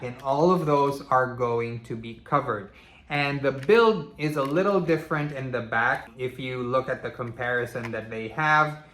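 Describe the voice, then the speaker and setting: Slight background noise sits under a bright, forward, mid-range male voice that rings off the walls of an echoey room. The channel host reviews a toy casually and chattily, tossing in many "you know" asides.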